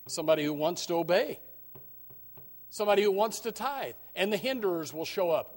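A male pastor preaching with passion, swinging from low murmurs to near shouts. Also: animated, a little fast. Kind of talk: sermon.

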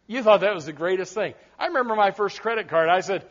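A man's voice: high voice, lively intonation, fast talker, few pauses. A man preaching a sermon as pastor, emphatic and repetitive, with frequent direct asides to his congregation. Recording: dull lo-fi sermon recording.

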